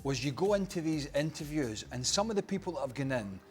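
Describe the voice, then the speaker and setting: Rambling man with a higher voice. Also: expressive, a little fast, soft background music. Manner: rambling, repeats and restarts phrases. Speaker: football pundit. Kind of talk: studio panel chat.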